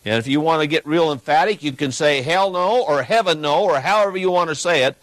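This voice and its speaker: A man's voice: no echo, poor audio. Fiery male preacher with swooping delivery. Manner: emphatic, swings between loud peaks and low asides. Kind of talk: fiery sermon with reading aloud. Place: church.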